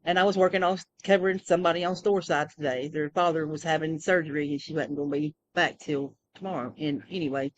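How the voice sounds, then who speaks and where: A woman's voice: low-pitched, fairly even intonation, quick pace, hardly any pauses, lo-fi sound, slight background noise. A woman rambling through a casual personal monologue, full of fillers and restarts. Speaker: vlogger.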